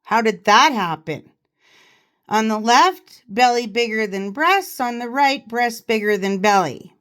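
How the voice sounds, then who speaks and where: A woman's voice: a little high, animated, measured pace, fairly bright tone. A woman vlogger in casual commentary, giggly and laughing often as she reads and reacts. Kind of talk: casual commentary reading a parody.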